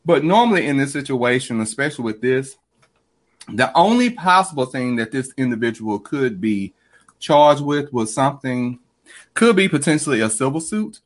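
A man hosting a casual livestream chat, animated, swearing freely and laughing often as he talks to viewers. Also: mid-range voice, normal speed. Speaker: livestream host.

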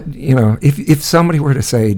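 A man's voice: medium pitch, quick pace, a little mellow. A man telling a rambling, profane story in casual chat, laughing often.

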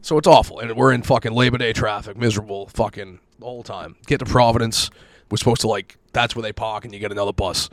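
A man hosting a podcast, telling rapid, profane stories and shouting when he quotes himself. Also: on the low side, fairly even intonation. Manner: rapid, swearing storyteller, loud bursts when quoting himself. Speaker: podcast host. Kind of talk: casual profane chat.

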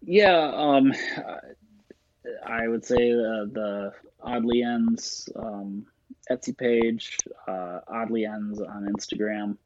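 A man's voice: mid-range voice, slow pace, darkish tone, muffled recording, a little hiss or hum. A man talking as a guest in a casual interview, rambling and laughing often. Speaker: guest, shop owner.

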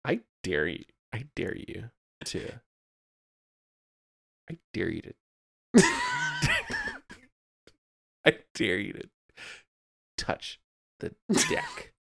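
Casting: man, podcast co-host, playful riffing, very lively pitch, husky. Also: extremely slow, pauses often. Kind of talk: casual chat.

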